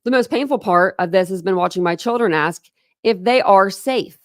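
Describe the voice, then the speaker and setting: A woman hosting a true crime channel, giving heated commentary on online drama. She swears freely, repeats herself when worked up, and reads documents aloud in a slow mocking tone. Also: medium pitch.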